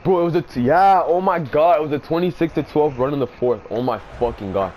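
A man's voice: fairly high pitch, a little fast, few pauses, background noise. A young man playing a video game, cursing and taunting his opponent nonstop. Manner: profane, furious, taunting. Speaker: gamer. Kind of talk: live gameplay trash talk.

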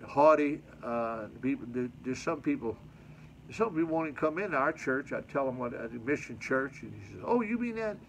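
A man's voice: medium pitch, moderate pace, creaky, slight background noise, rough recording. A male pastor preaching a sermon at a mission church, reading scripture and adding folksy, colloquial commentary to his congregation.

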